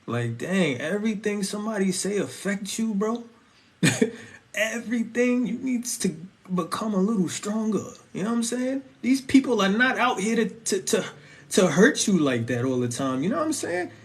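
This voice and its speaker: A young Christian vlogger with a high-sitting voice speaks at normal speed in a casual, slangy preaching monologue about faith and relationships. He's animated and conversational, repeatedly asking listeners "you feel me".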